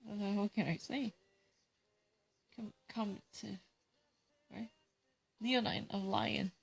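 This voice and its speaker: A woman's voice: medium pitch, fairly even intonation, takes it slowly, vocal fry. A woman with a Korean accent, Korean as her first language, reading English vocabulary words and definitions aloud and explaining them in casual solo study.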